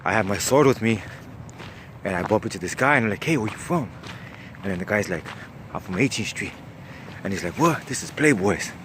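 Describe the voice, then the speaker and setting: A man voicing an odd young guy who tells violent tall tales flatly. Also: fairly low pitch, brisk, long pauses, noisy background, pitched below the performer's own voice, close to an everyday voice. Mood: deadpan. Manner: deadpan, flat, matter-of-fact.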